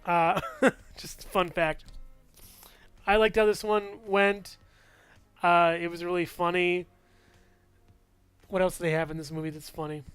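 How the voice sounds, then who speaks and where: A man's voice: high voice, flat delivery, unhurried, long pauses, fairly bright tone, smooth. A man casually reviewing movies in a vlog, rambling, full of fillers and restarts, chuckling often.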